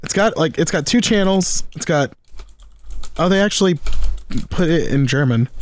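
A man's voice: a little high, moderate pace. A man hosting a podcast, chatting casually and rambling with enthusiasm about guitar gear. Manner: rambling, restarts often, excited about gear. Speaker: podcast host.

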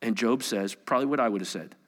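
A man's voice: medium pitch, quick pace. A man preaching a sermon, reading scripture aloud and adding conversational asides, dropping at times to a whisper. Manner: dramatic, swings from loud to whispered; conversational asides with rhetorical questions. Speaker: pastor.

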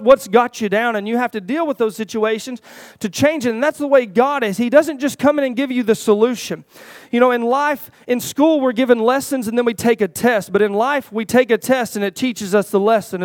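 Male preacher, folksy sermon delivery, high and clean voice, lots of stumbling repeats and "is that right?" asides. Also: no echo. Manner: folksy, repeats words, asks the church "Is that right?"; rises louder and higher toward the close.

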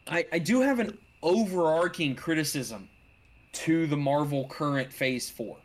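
Halting, emphatic man in casual film chat. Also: a little high, expressive. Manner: halting, restarts often, emphatic. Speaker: podcast host. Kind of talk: casual movie review chat.

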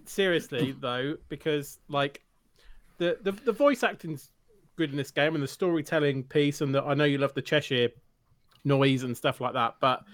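A man with a somewhat high voice speaks frankly in a casual podcast chat. He hedges and hesitates, filling his sentences with filler words as he works out his point. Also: moderate pace. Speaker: podcast panelist. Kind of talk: casual panel discussion.

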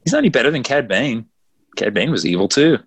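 A man's voice: mid-range voice, big pitch swings, fast, breathy edge. A man co-hosting a podcast, chatting casually and often laughing as he acts out quotes. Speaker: podcast co-host. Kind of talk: casual chat.

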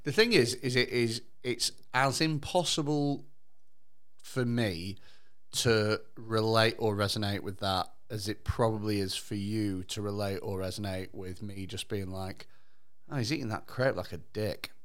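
A man's voice: on the low side, steady tone, a little slow, a bit bright, clean tone. A man in casual podcast chat, sweary, telling stories animatedly with frequent restarts.

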